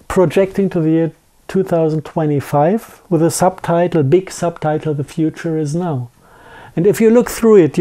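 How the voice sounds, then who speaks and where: A man with a thick German accent, a guest in a conversational interview, talking haltingly with many restarts and fillers. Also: high-pitched, dark tone.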